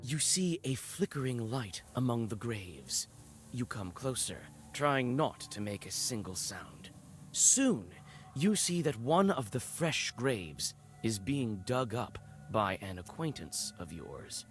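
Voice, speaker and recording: A man narrating a video game story in second person, measured and descriptive. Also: mid-range voice, very animated, faint music behind. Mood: neutral. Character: adult male storybook narrator.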